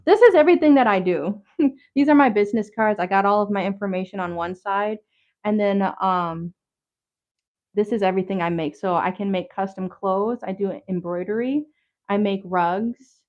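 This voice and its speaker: A woman's voice: mid-range voice, normal speed, darkish tone. A woman chatting on a casual livestream. She rambles in loose slang, full of fillers and restarts, and talks straight to her viewers. She sounds a little out of breath, and the stream audio is slightly dull and lo-fi. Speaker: livestream host showing handmade crafts.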